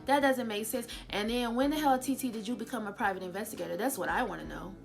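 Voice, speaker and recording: A woman's voice: fairly high pitch, fast talker, creaky, faint music behind. A woman casually recapping a reality show episode, chatty and opinionated, with exasperated asides.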